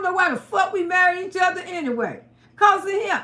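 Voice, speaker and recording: Woman streamer, high voice, profane and animated, echoey room. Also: normal speed. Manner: profane, animated, laughs and cries while telling. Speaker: live-stream host. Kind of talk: storytelling to viewers. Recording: roomy echo.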